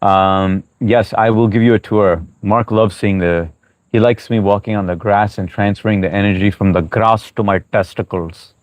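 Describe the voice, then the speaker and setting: A man's voice: lowish voice, fairly even intonation, normal speed, no echo, rough recording. A man hosting a live stream, chatting casually and answering viewers' comments with lots of fillers and restarts. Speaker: livestream host reading chat.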